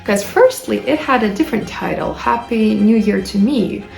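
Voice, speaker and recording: A woman's voice: medium pitch, expressive, moderate pace, vocal fry. A woman in her early twenties, an English teacher, candidly telling a personal story in an emotional, rambling way full of fillers. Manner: emotional, rambling, heavy use of "like". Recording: roomy echo with faint music behind.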